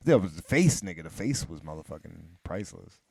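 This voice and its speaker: A man co-hosting a podcast in loud, joking casual chat. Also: deep voice, big pitch swings, quick pace, gravelly. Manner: loud joking banter, swearing. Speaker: podcast co-host.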